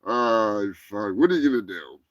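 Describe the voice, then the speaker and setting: A man's voice: fairly low pitch, lively intonation, moderate pace, fairly bright tone, no room sound, highs cut off. A man hosting a live comedy podcast, joking crudely and swearing a lot. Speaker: podcast host. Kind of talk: casual comedic live show.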